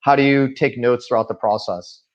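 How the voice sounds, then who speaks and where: Man, host, casual, joking, asks questions, mid-pitched voice. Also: steady tone, normal speed, dull audio. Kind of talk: casual podcast conversation.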